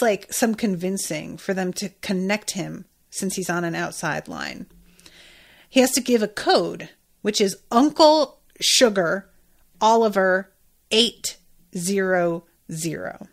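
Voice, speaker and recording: A woman podcast host recaps an episode in casual chat, talking in a mid-range voice. She reacts in an emphatic, exclamatory way, with frequent swearing. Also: medium pitch.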